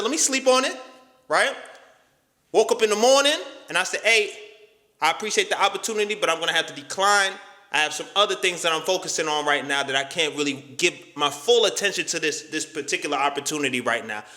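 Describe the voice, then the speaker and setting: A man's voice: high-pitched, sharp tone, roomy sound. A man giving a casual motivational talk in street slang, emphatic and profane. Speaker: motivational YouTuber.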